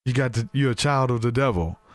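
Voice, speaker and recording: Podcast host doing a stern older preacher, drawling and accusing, recorded up close and dry. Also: male voice, medium pitch, fairly quick, no echo, natural voice. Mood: fervent. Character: stern older male backwoods preacher, scolding.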